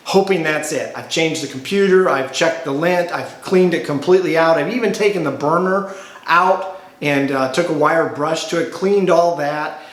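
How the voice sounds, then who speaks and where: A man's voice: on the high side, normal speed. Man, exasperated rant, rhetorical questions, casual vlog, long hall reverb. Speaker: laundromat owner and channel host. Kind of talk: casual talk-to-camera vlog. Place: in a laundromat. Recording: echoey, reverberant room.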